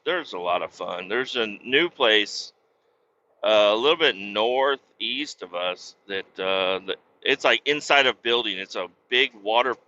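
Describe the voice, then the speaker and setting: With highs cut off in the audio, this fairly low-voiced podcast host in his thirties rambles through animated stories in a casual storytelling chat. His talk is full of profanity.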